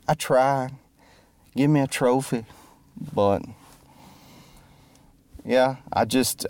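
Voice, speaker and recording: In a lowish, dark, clear and resonant voice, picked up on a close mic with no room sound, an adult musician and entertainer from before the internet era rambles. His monologue is jokey and self-deprecating, and he keeps forgetting where he was going.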